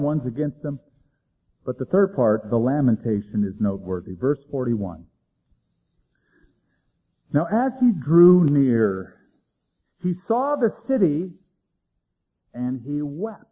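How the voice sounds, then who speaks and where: A man preaching a sermon, dramatic, swinging between loud emphasis and hushed low lines. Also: slightly rough, narrow, tinny audio. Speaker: pastor.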